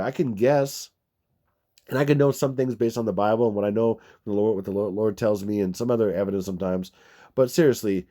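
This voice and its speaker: A middle-aged man talks straight into his own channel's recording in a mellow, darker tone. He rambles and circles back, repeating his points with emphatic restarts. His voice sits at an ordinary pitch. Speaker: video channel host. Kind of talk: casual screen-share commentary.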